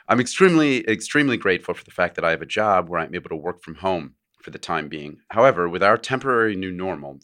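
A man's voice: sits low, bright, forceful tone. A man co-hosting a podcast, chatting casually and reading a listener's letter aloud with joking asides and frequent laughs. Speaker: podcast co-host.

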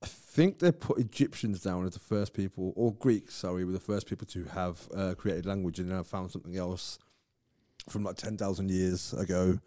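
A man's voice: deep voice, normal speed, dark tone. Man, podcast co-host, casual chat, rambling, swears a lot.

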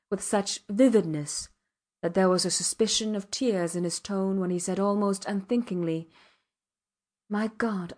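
Reading from a script, a female audiobook narrator voices a classic novel at medium pitch. Her delivery stays even and measured throughout.

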